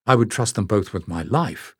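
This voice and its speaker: A man reading a storybook voicing a tactful, secretive young man who speaks softly and reflectively. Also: fairly low pitch, animated, moderate pace, slightly rough, no echo, studio quality. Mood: brooding. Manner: soft, reflective.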